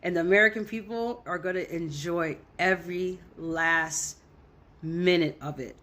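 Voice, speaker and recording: A woman's voice: fairly low pitch, measured pace, a bit bright. A woman filming an angry reaction rant to camera, heated and profane, repeating her points for emphasis. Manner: heated, profane, repetitive ranting. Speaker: social media commentator.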